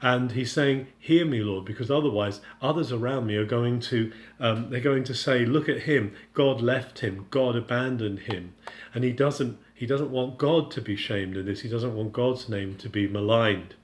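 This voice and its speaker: Earnest male Bible teacher, halting delivery. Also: mid-range voice, slight background noise. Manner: earnest, paraphrasing the psalm in the first person; unscripted, with frequent halting restarts.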